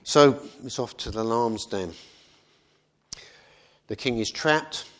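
Male preacher, mid-pitched voice, relaxed conversational sermon delivery. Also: takes it slowly. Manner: conversational, rhetorical questions.

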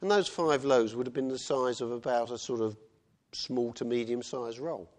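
Guy preaching, chatty sermon, normal pitch, keeps going "isn't it". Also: moderate pace. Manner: conversational, with tag questions and acted quotes.

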